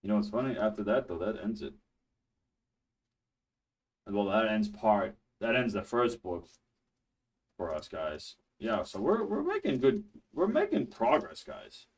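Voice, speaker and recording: A rather low male voice in a laid-back, chatty study-stream delivery, talking from home. He rambles with easy laughs and restarts, pitched to a viewer audience. The mic sits a bit away from him, so the sound has some distance. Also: a little slow, long pauses. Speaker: streamer teaching a networking course. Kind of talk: casual study stream talk. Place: his home.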